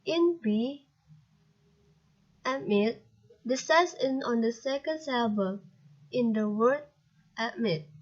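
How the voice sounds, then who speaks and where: A young woman student with an Indonesian accent, reading a grammar lesson aloud in a halting way and spelling out letters. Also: fairly high pitch, highs cut off. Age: young adult. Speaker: student presenter.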